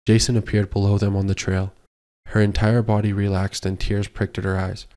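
A man narrating a romance audiobook in a measured storytelling manner. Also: lowish voice, level tone, mellow. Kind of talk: scripted narration.

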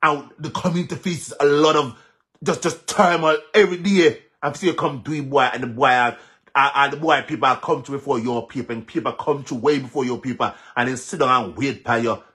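A man's voice: medium pitch, fairly even intonation, fairly quick, fairly bright tone. A man with a Jamaican accent giving heated commentary on a vlog, repeating himself for emphasis and mixing patois with English. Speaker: social media commentator.

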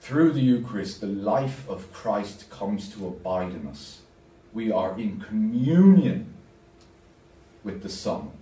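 Deacon giving a parish talk, echoey church. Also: male voice, fairly low pitch, expressive, slow pace, dark tone, recorded from a distance. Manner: emphatic, asks the audience questions.

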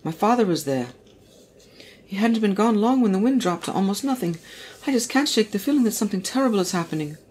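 A woman's voice: medium pitch, animated, fast, darkish tone, close to an everyday voice. A woman voicing an earnest young princess who speaks formally and pleads politely.

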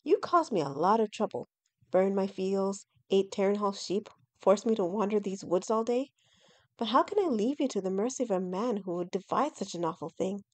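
A woman's voice: medium pitch, expressive, moderate pace, darkish tone, natural voice. A woman voicing a nervous young male peasant farmer who frets and rambles. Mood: wary. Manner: anxious, rambling, fretful.

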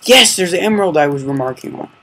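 A man giving casual commentary on his own gameplay, muttering curses under his breath and breaking into loud outbursts. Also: high-pitched, expressive, fast, poor audio. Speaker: gamer narrating his gameplay. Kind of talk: casual Let's Play commentary.

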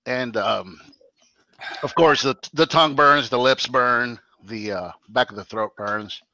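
A man's voice: medium pitch, measured pace, bright, forceful tone. A man hosting a casual on-camera spicy chip challenge, chatting and laughing with wry understatement while his mouth burns and his eyes tear up. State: mouth burning, teary. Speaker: channel host.

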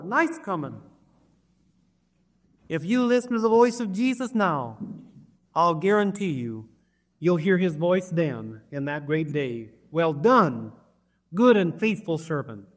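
A man's voice: high voice, bright, forceful tone. A man preaching a sermon, pleading urgently and repeating words for emphasis. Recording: reverberant hall.

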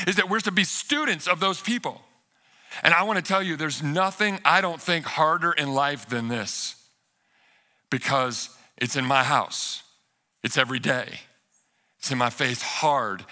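Male pastor, bright and fairly high voice, conversational sermon delivery that moves from hushed to animated. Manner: conversational preaching, swings from soft and low to high and animated. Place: church sanctuary.

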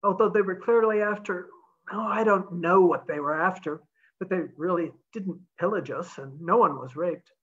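A woman's voice: lowish voice, moderate pace, fairly bright tone, highs cut off, close to an everyday voice. A woman reading aloud, voicing a determined young woman who talks urgently and pleads.

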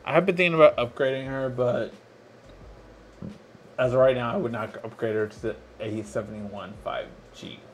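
A man's voice: mid-range voice, fairly even intonation, moderate pace. Tipsy male tech-show host, slurred speech, constant hiccups, mid-range voice, faint background noise. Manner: drunk, slurring words. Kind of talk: live tech show chat.

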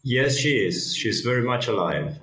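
A man voicing a solemn half-elf son of a druid, speaking in a slow, halting way. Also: medium pitch, very animated, fairly bright tone. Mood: calm. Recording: echoey room.

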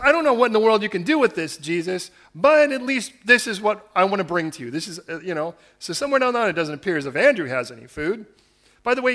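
A pastor delivers a conversational sermon in a fairly high male voice. He slips into the voices of the people in the story, then drops low and quiet for asides before rising into loud, fervent appeals. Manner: conversational, acts out dialogue of biblical figures.

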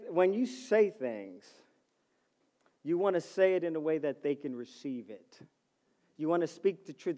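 Man, pastor, middle-aged, high-pitched, lively sermon, calls out to congregation. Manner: lively preaching, swings from loud to soft.

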